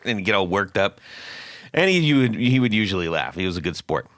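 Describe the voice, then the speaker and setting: A man hosting a podcast, telling a story in a casual, animated way and laughing often. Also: lowish voice, fairly quick, no echo. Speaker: podcast host.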